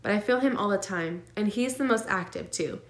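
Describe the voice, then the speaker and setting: A woman's voice: medium pitch, fairly quick. A woman vlogging about her pregnancy, telling a personal story in an earnest, emotional way with lots of fillers and nervous laughs. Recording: echoey room.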